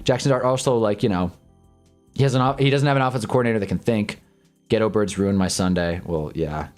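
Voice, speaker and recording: A young man streaming live, chatting casually with viewers and swearing often as he swings between loud rants and low grumbling. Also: quick pace, faint music behind. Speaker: sports streamer. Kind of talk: casual livestream chat reading fan comments.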